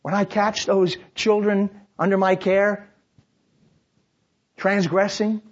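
Male pastor mid-sermon; husky, passionate, loud-to-hushed swings; dull lo-fi audio. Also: high-pitched, level tone, slow pace. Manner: passionate, swings between loud preaching and quiet prayer. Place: church service.

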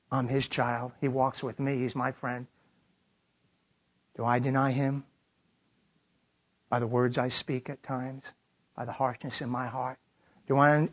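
Husky, animated preacher man. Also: on the high side. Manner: animated, acts out quoted lines, drops to a hushed tone for reflection. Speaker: pastor. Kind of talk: sermon. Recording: dull lo-fi sermon recording.

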